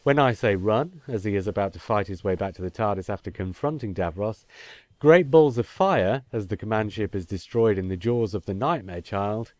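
Low-voiced man, chatty podcast host. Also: brisk, few pauses, darkish tone, no room sound. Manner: chatty, reads listener emails aloud. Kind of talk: casual podcast discussion.

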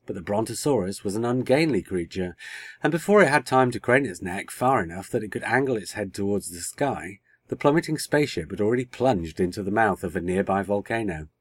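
A man reading a short story aloud as a podcast host, in a steady, measured way. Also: fairly low pitch, no echo. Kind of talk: scripted narration.

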